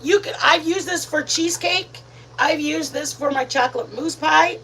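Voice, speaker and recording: A woman's voice: sits high, normal speed, fairly bright tone, a little hiss or hum, low-quality recording. Chatty woman hosting a home cooking stream. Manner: chatty, rambling, addresses viewers as "you guys". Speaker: host of a live cooking stream. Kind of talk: casual live-stream chat while cooking. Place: home kitchen.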